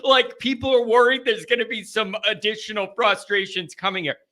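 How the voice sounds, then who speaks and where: Bright-voiced man hosting a call-in show. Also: high voice, brisk. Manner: animated, rambling and chatty. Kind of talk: live sports call-in talk.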